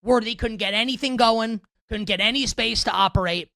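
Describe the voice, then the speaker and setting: A man's voice: high voice, fairly quick, creaky, pushed and bright, dry recording, studio quality. Ranting sarcastic male sports host. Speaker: sports betting show host. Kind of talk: animated sports commentary monologue.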